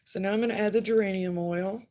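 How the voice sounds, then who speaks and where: A woman making spell oils in a casual vlog, talking bluntly and plainly, with a relaxed down-home drawl. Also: mid-range voice, fast talker. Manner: blunt and outspoken.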